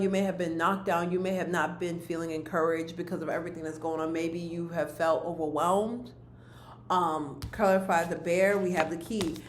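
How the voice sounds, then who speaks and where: A woman's voice: on the low side, roomy sound, slight background noise. A woman giving a monthly card reading to her viewers, speaking earnestly to them and repeating her key phrases. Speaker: spiritual card reader.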